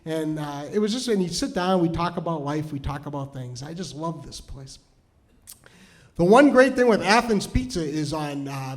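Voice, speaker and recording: Middle-aged male storyteller, high voice, chatty and self-mocking, stops and restarts. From New Hampshire. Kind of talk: stand-up storytelling.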